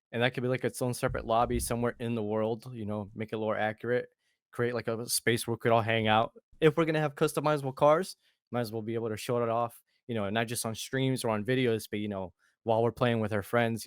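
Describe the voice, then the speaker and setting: Guy guesting on a gaming podcast, mid pitch, dry close sound, laid back. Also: clean tone, no echo. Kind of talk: casual chat.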